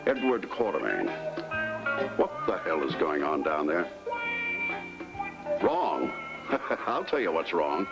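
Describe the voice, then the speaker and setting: A crusty, scheming old patriarch in a daytime soap, his voice very deep and gravelly. His pitch swings widely as he probes and needles in a sly, suspicious way. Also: sing-song, slow, pauses often, over loud music, full character voice, rough recording. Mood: gruff. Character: crusty older male family patriarch, scheming.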